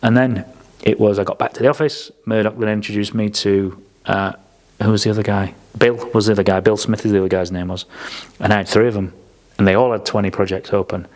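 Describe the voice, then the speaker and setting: A man's voice: fairly low pitch, level tone, quick pace, darkish tone. A man telling blunt, sweary stories in a casual podcast chat. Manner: blunt, sweary storyteller who acts out quotes. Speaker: podcast speaker.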